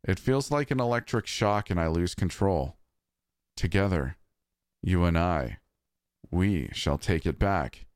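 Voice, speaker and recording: A man voicing a dead wife who speaks through six strangers at once, calm and unsettling. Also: low-pitched, unhurried, pauses often, smooth, no echo, studio quality. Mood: calm, insistent. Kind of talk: storytelling narration.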